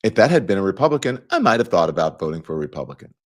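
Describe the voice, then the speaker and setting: A middle-aged man hosting a casual opinion show, talking straight to viewers in a lively, mocking way. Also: sits low, rapid-fire. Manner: animated, mocking, acts out quoted voices. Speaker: show host.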